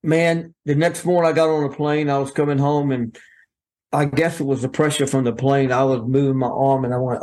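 A man's voice: medium pitch, a little fast. An older man, a guest telling folksy, rambling stories and acting out what others said. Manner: animated, rambling, acts out quoted voices. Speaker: guest, veteran wrestling referee. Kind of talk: folksy storytelling.

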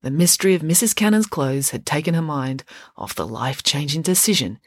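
A woman author reading her children's mystery story aloud for a podcast, clear and expressive. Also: deep voice, fairly quick, dry recording. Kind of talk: storybook narration.

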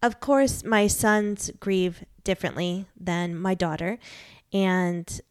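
A woman's voice: mid-range voice, darkish tone, clear, resonant tone, no echo, studio quality. A woman in her forties, a widowed mother, giving a candid, earnest faith talk with rueful laughs. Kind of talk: personal testimony talk.

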